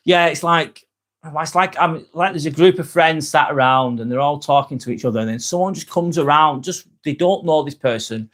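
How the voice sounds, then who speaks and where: A man's voice: a little high, expressive, normal speed, fairly bright tone. A man hosting a casual live stream, reading viewers' comments aloud and answering them with frequent swearing. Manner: chatty, swears freely, answers viewers by name.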